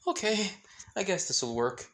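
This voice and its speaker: A man's voice: high voice, big pitch swings, measured pace, a bit bright, pitched above the performer's own voice, exaggerated voice. A man voicing a stubborn, injured young male traveler who complains about his pain, in a fan-made story reading.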